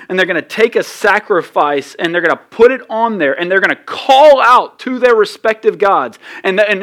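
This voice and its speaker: A pastor delivers a sermon in a conversational, animated way. His voice climbs to loud peaks and then drops low.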